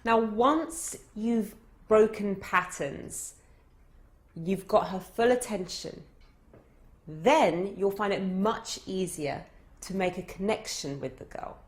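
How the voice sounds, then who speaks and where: A woman coaching her audience through a lively story, talking in an animated, conversational way. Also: mid-range voice, takes it slowly, breathy edge. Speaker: dating coach. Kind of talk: storytelling lesson.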